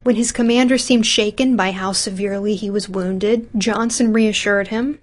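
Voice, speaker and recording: A woman reading a scripted history narration in an even, measured way. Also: mid-range voice.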